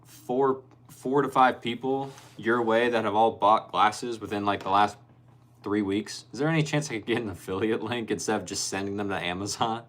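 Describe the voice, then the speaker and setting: At a moderate pace and in a lowish, somewhat bright voice, a young man works through his livestream chat, reading comments aloud. The talk is casual and he often breaks into laughter.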